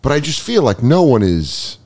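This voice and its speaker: A man hosting a comedy podcast, riffing casually and slipping into quick put-on voices for jokes. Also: medium pitch, big pitch swings, a little mellow. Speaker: podcast host.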